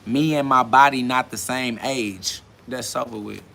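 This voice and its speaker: A gravelly, sharp mid-range voice, a little slow, with slight background noise. The man, a twenties-aged podcast host, reads chat comments out loud in a rambling, casual monologue packed with slang, profanity, and repeated "you feel me" fillers.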